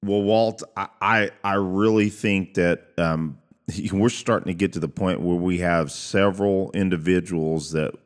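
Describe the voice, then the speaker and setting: Deep-voiced male host in a reverberant room. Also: fairly even intonation, measured pace. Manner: brief encouraging interjections. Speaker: podcast host. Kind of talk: casual interview.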